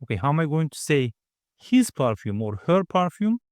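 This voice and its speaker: A man teaching a grammar lesson, explaining patiently step by step and repeating words slowly. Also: a little high, sing-song, no echo, clean studio sound. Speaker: language teacher.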